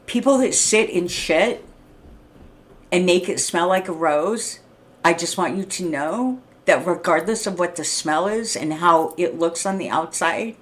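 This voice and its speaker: A middle-aged woman vents on a livestream, talking straight into her microphone. She is blunt and profane and keeps clearing her throat. Her voice sits a little low for a woman. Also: a little slow. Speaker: vlogger. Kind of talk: unscripted rant to camera. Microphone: streaming setup mic.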